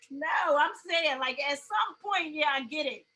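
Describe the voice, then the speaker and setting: A woman with an African American English accent, talking in a very high, bright voice. She tells lively stories in casual conversation and laughs easily as she goes. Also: slow pace, poor audio. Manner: animated storyteller, laughs often. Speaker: podcast co-host. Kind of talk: casual chat.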